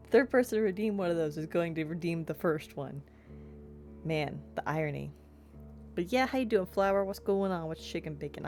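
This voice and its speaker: A chatty young woman streams a game, talking in a lower register and rambling cheerfully at the chat. Soft guitar music plays faintly behind her. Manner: chatty, playful, self-described yapper. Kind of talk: casual let's-play chat.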